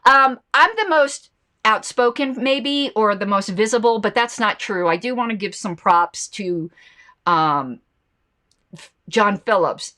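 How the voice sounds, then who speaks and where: Woman, show host, casual political commentary, animated, responds to viewer comments. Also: mid-range voice. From United States. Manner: animated, reacting to chat comments and ads.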